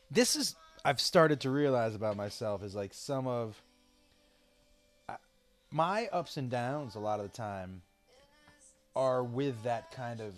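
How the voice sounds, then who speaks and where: Rambling, profane man telling a story. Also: mid-range voice. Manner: rambling and profane, with loud outbursts. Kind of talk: casual storytelling.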